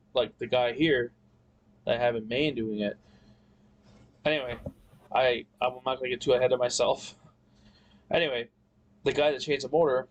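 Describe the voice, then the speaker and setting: A man tells a long story in a casual chat, rambling and cursing and restarting his sentences. His voice sits at an ordinary middle pitch. A faint hiss of background noise runs under the recording. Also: low-quality recording. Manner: rambling, profane, frequent restarts. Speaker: podcast guest.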